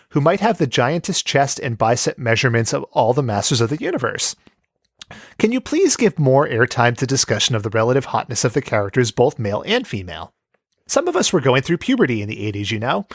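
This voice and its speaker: A man's voice: mid-range voice, no room sound, clean studio sound. A man hosting a casual podcast, joking around and reading listener mail aloud. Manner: jokey, animated, reads letters aloud. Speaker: podcast host.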